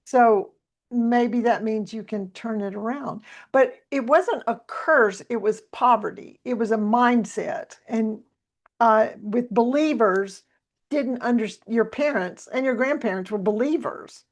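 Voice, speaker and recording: A woman's voice: a little high, a little slow. A woman hosting a podcast interview, asking questions and affirming her guest. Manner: encouraging, affirming. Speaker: podcast host.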